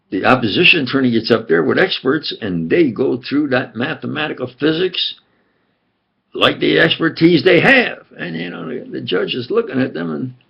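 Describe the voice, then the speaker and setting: An older man from New York with a New York accent, telling rambling stories in a gravelly, husky voice that swings between loud and soft. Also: on the high side, dull audio. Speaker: self-styled preacher and physicist. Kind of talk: rambling monologue.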